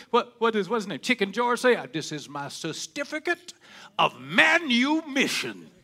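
A man a sermon, dropping to hushed murmurs and then rising to shouted, ringing cries. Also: high voice. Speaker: preacher.

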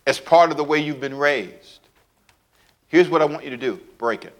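A man preaching a sermon in an animated way, acting out little scenes with sound effects and playful asides. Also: a little high, normal speed. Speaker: pastor.

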